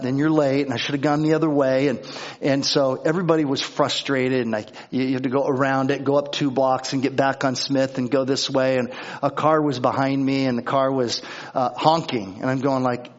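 A pastor giving a sermon, telling everyday stories in an animated way and acting out his own frustration. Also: on the high side, dull audio.

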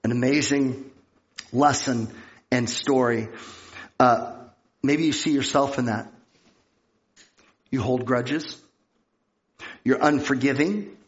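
A man preaching a sermon, reading scripture aloud and acting out the characters of the story with lively storytelling. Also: medium pitch, slow, pauses often, muffled recording. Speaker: pastor.

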